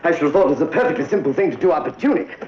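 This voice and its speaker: An actor playing a fussy, pompous colonial governor who is flustered and talks in an upper-class way, in a 1950s British film comedy. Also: male voice, on the high side, lively intonation, racing, a little hiss or hum, lightly acted. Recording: dull roomy old film soundtrack.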